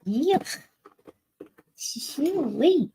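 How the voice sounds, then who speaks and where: A woman's voice: high voice, expressive, drawn-out words, gravelly, dark tone, slight background noise. A woman in a casual livestream chat, making gossipy, disapproving remarks about another streamer.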